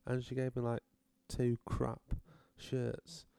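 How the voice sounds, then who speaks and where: A man's voice: medium pitch, completely flat delivery, slow pace, gravelly, warm tone, clean tone, no echo. A British man delivering a rambling, sardonic comedic rant, swearing freely and going off on tangents.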